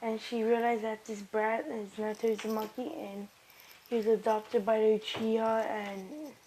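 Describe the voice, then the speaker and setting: A young female storyteller improvising a fan story, halting and restarting, louder and excited in the fight scenes, with faint noise behind. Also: fairly high pitch, rough recording.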